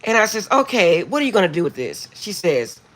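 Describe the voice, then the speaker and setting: Recorded on a phone indoors at home, a middle-aged woman who reads cards chats casually with viewers and laughs often while telling a story. Her medium-pitched voice is very animated and fairly quick, with background noise present.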